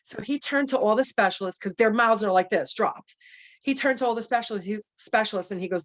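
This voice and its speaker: A young adult woman telling her own story in a lively, rambling way, full of fillers, often acting out what people said. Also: medium pitch, fairly quick. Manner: animated, many fillers, quotes people in dialogue. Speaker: cancer survivor guest. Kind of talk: personal storytelling.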